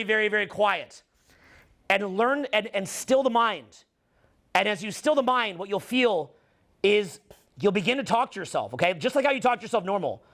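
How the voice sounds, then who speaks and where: A middle-aged man giving an intense, preachy motivational monologue, swearing and slowing down to stress his points. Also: high voice, fairly bright tone. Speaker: dating and social skills coach.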